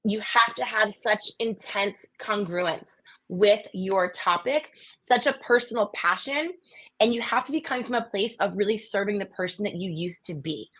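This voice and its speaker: Husky, animated woman telling stories. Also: mid-range voice, normal speed. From East Coast US. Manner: energetic, animated storytelling with quoted voices. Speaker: podcast guest. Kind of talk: casual interview chat.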